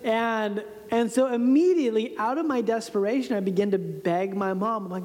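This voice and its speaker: A man's voice: high voice, moderate pace, a little mellow. Chatty man preaching in a reverberant hall. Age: 30s. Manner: conversational, self-deprecating, laughs often. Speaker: pastor. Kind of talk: storytelling sermon.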